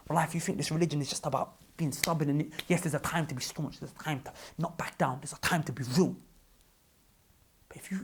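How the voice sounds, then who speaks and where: A man's voice: on the high side, darkish tone, breathy edge. A young British man in a fervent, preachy vlog rant. He often repeats himself as he speaks. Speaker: vlogger. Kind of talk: impassioned religious vlog rant.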